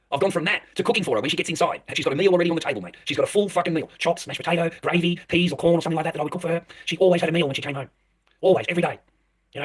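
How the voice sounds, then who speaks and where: A husky-voiced man vents to his viewers at a rapid clip, his speech a touch higher than most men's. He swears freely and sounds heated and agitated. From Australia. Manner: talks straight to the viewer. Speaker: vlogger. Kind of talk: direct-to-camera rant.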